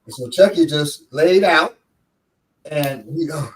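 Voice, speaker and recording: A man, telling a story in casual talk and acting out quotes with big pitch jumps. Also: takes it slowly, far from the mic. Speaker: show instructor telling a story. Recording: echoey room, voice off-mic.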